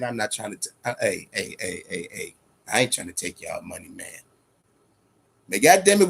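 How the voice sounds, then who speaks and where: A man's voice: sits high, a bit bright. A man hosting a boxing show, talking casually and profanely, amped up and fidgety, repeating himself often. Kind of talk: casual livestream talk.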